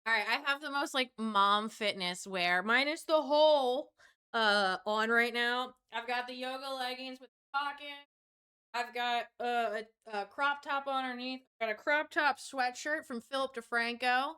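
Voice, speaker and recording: A woman's voice: on the high side, measured pace, bright, forceful tone, smooth. A woman streamer chatting casually with her viewers, playful and loose, swearing freely.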